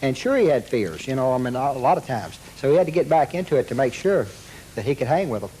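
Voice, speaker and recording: A man looks back in an interview, with a mellow, dark tone. He talks reflectively, repeating words as he gathers his thoughts. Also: medium pitch, sing-song, fast talker, a little hiss or hum, low-quality recording.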